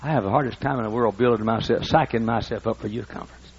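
A man in his sixties preaching a sermon, emphatic and repetitive as he builds toward shouting. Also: medium pitch, fast, dull audio, a little hiss or hum. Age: 60s. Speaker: pastor.

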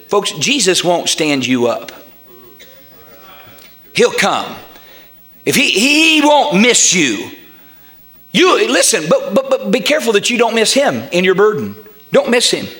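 A man preaching a sermon as pastor, swinging into loud shouted passages and stumbling over repeated words. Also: sits high, huge pitch swings, unhurried, pauses often.

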